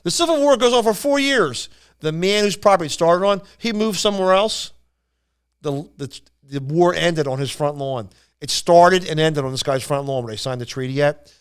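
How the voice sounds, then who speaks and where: A man's voice: fairly high pitch, normal speed, smooth. A man hosting a podcast, telling a story in a loose, rambling way with restarts and asides. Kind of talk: casual storytelling.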